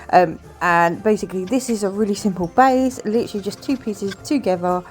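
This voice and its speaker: A woman chatting quietly and enthusiastically as she talks through a building video. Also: medium pitch, fairly quick, faint music behind. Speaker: Lego building vlogger. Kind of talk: casual chat over a build video.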